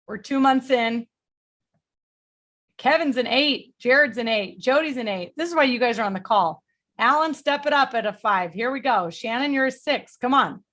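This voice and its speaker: A middle-aged woman leading a group coaching call, energetic and blunt, motivational, with casual swearing. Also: fairly high pitch, normal speed. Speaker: sales coach.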